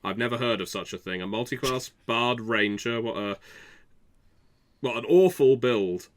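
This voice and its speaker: A man's voice: mid-range voice, normal speed. A man co-hosting a podcast, giving dry, mock-formal commentary over a movie in casual chat. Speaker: podcast co-host. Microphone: podcast mic.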